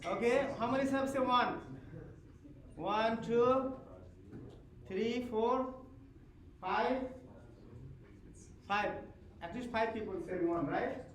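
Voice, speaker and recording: A man's voice: very high-pitched, takes it slowly, pauses often. A male professor, not a native English speaker, lecturing a class in simple English and often checking in with "okay?". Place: lecture hall.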